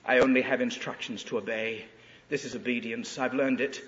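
A man's voice: medium pitch, steady tone, a little fast, fairly bright tone. A man preaching a sermon, retelling scripture dramatically and emphatically in an echoing hall. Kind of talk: expository sermon. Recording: echoey hall, dull lo-fi sound.

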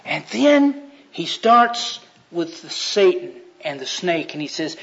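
A man preaching a sermon, retelling Bible scenes in a folksy storytelling way that swings from loud to hushed. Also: fairly high pitch, very animated, takes it slowly, creaky, highs cut off.

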